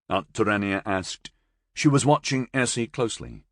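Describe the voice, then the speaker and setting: A man narrating an audiobook, reading with expressive storytelling from a close mic. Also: lowish voice, moderate pace, no echo. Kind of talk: scripted narration.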